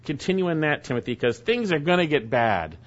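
Man preaching, slightly high voice, reads scripture slowly then casual asides, dull lo-fi recording. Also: sing-song. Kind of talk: expository sermon. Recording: dull lo-fi sound.

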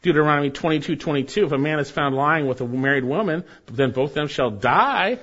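A man's voice: on the high side, fairly quick, fairly bright tone. A man preaching an expository sermon as pastor in a church, emphatic and repeating key phrases for stress. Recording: dull lo-fi sermon recording.

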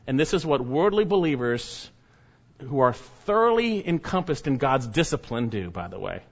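A man preaching a sermon, emphatic, swinging between loud urging and low hushed warnings. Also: sing-song, normal speed, muffled recording. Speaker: pastor.

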